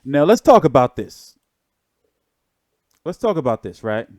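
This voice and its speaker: A man's voice: on the high side, sing-song, a little slow, darkish tone, no room sound, studio quality. A man hosting a boxing channel, talking in a rambling, laid-back way with lots of fillers. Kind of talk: casual livestream commentary.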